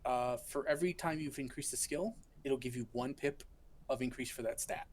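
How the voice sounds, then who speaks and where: A man with a Michigan American accent talks in a voice that sits squarely mid-range, patiently explaining game mechanics. It's relaxed, chatty voice-call talk with a faint hiss behind it. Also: medium pitch, normal speed. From Michigan, USA. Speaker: lore guest coaching a gamer. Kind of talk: casual chat on a game stream.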